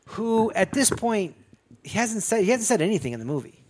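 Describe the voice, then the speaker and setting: A man's voice: sits high, big pitch swings, fairly quick, darkish tone. A man casually retelling a movie plot in a rambling, profane style, full of restarts and asides. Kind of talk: casual movie recap chat.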